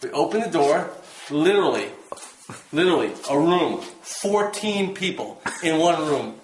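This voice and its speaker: A man casually telling the story of his trip, animated and laughing, acting out his own exclamations. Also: a little high, unhurried, echoey room, a little hiss or hum, poor audio. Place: rented room.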